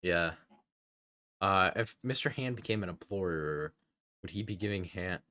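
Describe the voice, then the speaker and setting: Low-voiced man swearing and giggling on stream. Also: lively intonation, unhurried, sharp tone. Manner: profane, giggly, rambling. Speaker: VTuber streamer host. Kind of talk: casual stream chat.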